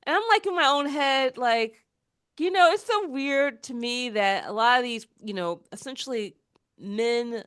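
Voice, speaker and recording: A woman hosting a casual political podcast, her voice sitting a little high. She talks with animated frustration and often restarts. The sound is dry and close. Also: smooth, dry recording. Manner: animated, mocking quoted voices, frequent restarts. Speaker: podcast host.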